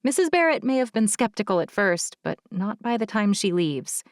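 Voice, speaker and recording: A woman's voice: medium pitch, big pitch swings, moderate pace, no echo, clean studio sound. A woman reading a romance novel in first person, with intimate, emotional storytelling. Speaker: audiobook narrator. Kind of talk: first-person audiobook narration.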